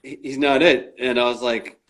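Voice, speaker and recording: Male interview guest, mid pitch, casual storyteller who acts out quotes and uses lots of fillers. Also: steady tone, moderate pace, fairly bright tone. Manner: acts out quoted dialogue in his stories; frequent restarts and fillers.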